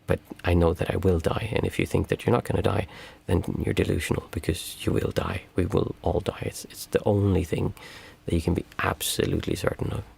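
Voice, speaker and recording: A male meditation teacher talks through viewer questions on a live stream in a calm, reflective, halting way. His voice sits low with a heavy gravelly fry and a husky edge. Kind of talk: livestream Q&A talk.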